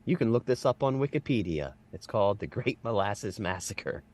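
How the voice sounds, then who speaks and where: A man's voice: lowish voice, normal speed. A man telling rowdy stories as co-host of a casual comedy podcast, swearing freely. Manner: swearing, animated storytelling.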